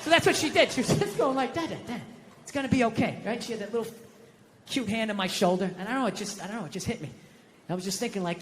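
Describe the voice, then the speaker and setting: A middle-aged man doing a stand-up comedy set, animated and swearing as he rants. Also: sits high, quick pace, long reverb tail, a little hiss or hum.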